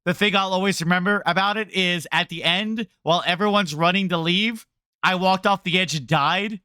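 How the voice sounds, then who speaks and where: A man's voice: high voice, normal speed, pushed and bright, smooth, dry recording, clean studio sound. A man streaming a game, ranting to his chat in a rambling, sarcastic way. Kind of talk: casual game rant to chat.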